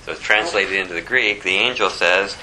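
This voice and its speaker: A male pastor preaching with a very bright, sharp tone. He teaches verse by verse, rising to loud, emphatic peaks and dropping to quiet, low asides. A faint hiss sits under the recording. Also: fairly even intonation, a little fast, low-quality recording. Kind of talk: sermon.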